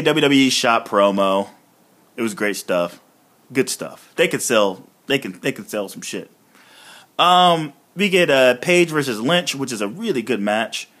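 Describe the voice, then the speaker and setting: A man hosting a solo review podcast, talking casually and with a lot of profanity, excitable and laughing often as he retells scenes. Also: mid-range voice. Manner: profane, excitable, swings between mumbling and loud outbursts. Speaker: podcast host reviewing wrestling shows.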